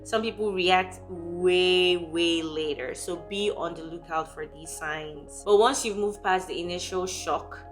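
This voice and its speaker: A young woman from Nigeria, talking candidly and emotionally in a personal vlog, quick and full of fillers. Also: on the low side, fairly even intonation, faint music behind. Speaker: vlogger.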